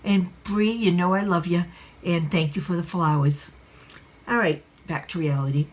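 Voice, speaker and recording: A woman in her sixties from New England telling stories in a casual home vlog, excitable and quick to laugh. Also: lowish voice. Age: 60s. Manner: excitable, laughs often, acts out voices in stories. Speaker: vlogger. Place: at home, drying her hair.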